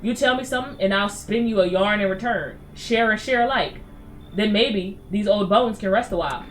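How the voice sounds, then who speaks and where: A woman's voice: mid-range voice, moderate pace, faint music behind, natural voice. A woman voicing a weary, sweet but pushy old woman visitor who keeps calling people dearie. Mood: coaxing. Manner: calls everyone dearie, chatty and coaxing.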